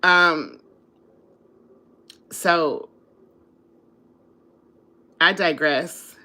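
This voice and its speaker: Bright-voiced woman chatting on a live stream. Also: low-pitched, drawn-out words. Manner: chatty, laughing often, reads viewer comments aloud; sleepy after eating. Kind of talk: casual live stream chat.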